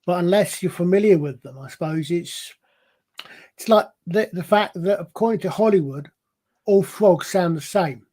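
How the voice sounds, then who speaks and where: A man's voice: high-pitched, normal speed, mellow. A man in a casual panel chat, explaining things at length in a rambling, digressive way with many restarts. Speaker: panel guest.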